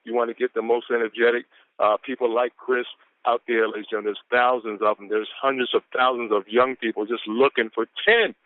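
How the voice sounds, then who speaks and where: A man's voice: medium pitch, little pitch movement, brisk, no room sound. A man calling in to a motivational conference call, exuberant and preachy, whooping and repeating lines. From Atlanta, Georgia. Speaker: caller reading quotes of the day. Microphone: phone. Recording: phone line.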